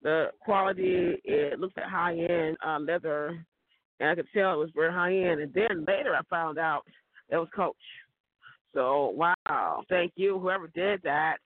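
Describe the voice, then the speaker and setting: A woman with a cold, sounding hoarse, chatting in a rambling casual monologue. She repeats words and chuckles often. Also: on the low side, lively intonation, measured pace. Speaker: vlogger. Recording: tinny phone-like dry recording.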